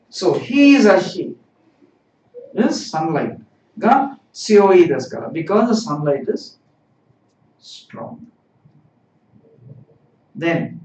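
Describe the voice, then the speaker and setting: A man teaching a Japanese lesson, repeating each phrase and translating it in a deliberate, explanatory way. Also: a little high, darkish tone. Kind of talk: live-streamed language lesson. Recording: echoey, distant, dull live-stream audio.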